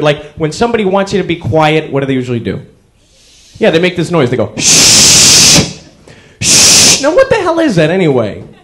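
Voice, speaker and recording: A young man performing a stand-up comedy set, telling wry stories with sudden yells. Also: a little high, a little hiss or hum. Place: comedy club stage before a live audience. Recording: crowd laughter behind. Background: audience laughter.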